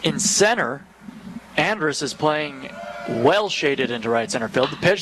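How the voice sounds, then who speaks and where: Man, play-by-play announcer, live baseball, brisk detailed calls, slightly high voice, broadcast booth. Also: expressive, a bit bright, slight background noise, poor audio.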